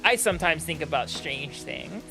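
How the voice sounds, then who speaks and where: A man's voice: on the high side, lively intonation, normal speed, music in the background. A man chatting casually on a gaming stream, rambling with many fillers and restarts.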